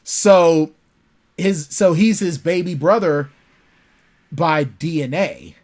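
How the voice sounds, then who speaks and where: A man, an author guest in a casual interview, telling lively stories about his characters. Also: a little high, slow pace. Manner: animated storytelling, acts out his characters.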